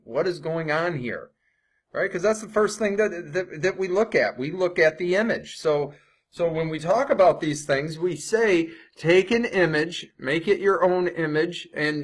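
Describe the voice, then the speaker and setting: A young adult man coaching viewers on ad copy in a casual, conversational way, often tacking on "right?" and restarting sentences. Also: fairly high pitch. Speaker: online marketing coach. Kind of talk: casual screen-share tutorial.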